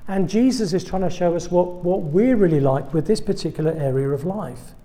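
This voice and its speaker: A man's voice: high voice, a little fast, dark tone. A man from England with an English accent, a guest preacher giving a humorous sermon to students, full of self-deprecating, wry asides.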